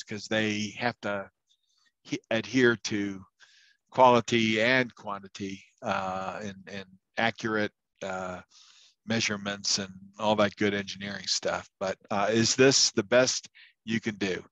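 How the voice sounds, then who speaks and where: In this muffled, echo-free recording, a university instructor swaps stories with his class in a relaxed, talkative style. His voice is mid-pitched and a little bright, and he often uses fillers and starts sentences over.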